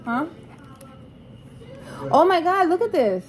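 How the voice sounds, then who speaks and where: A young woman casually showing off puzzle toys at home, excited and teasing, constantly saying how cool things are. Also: very high voice, takes it slowly. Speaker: vlogger. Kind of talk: casual unboxing chat. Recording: noisy home recording.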